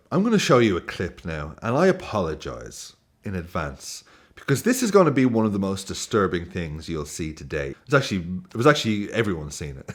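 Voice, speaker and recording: Lively swearing man ranting about football. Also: fairly low pitch. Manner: animated, swearing, laughing often. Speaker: football YouTuber. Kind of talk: casual football commentary.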